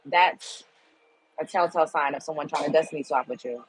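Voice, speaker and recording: A woman's voice: deep voice, fairly quick, low-quality recording. A woman hosting her own show, telling a personal story in a candid, emphatic and blunt way. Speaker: show host. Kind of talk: casual storytelling monologue.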